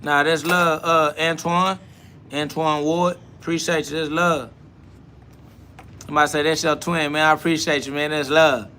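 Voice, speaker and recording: A man's voice: fairly high pitch, fairly even intonation, normal speed, pushed and bright, slight background noise. A man hosting a live self-talk podcast, talking bluntly and profanely in a preachy way while answering chat comments aloud.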